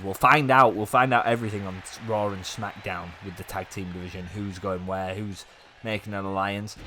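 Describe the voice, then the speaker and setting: A man hosting a gaming video, giving chatty play-by-play commentary that rambles and jumps up with excitement at big moves. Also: on the low side, slight background noise. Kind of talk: casual play-by-play game commentary.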